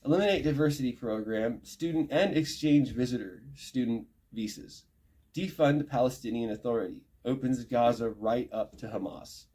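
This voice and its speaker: A man's voice: mid-range voice, moderate pace, mellow. A man reading a list aloud from an online thread, breaking off to comment, look terms up and correct himself. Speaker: channel host reading a thread.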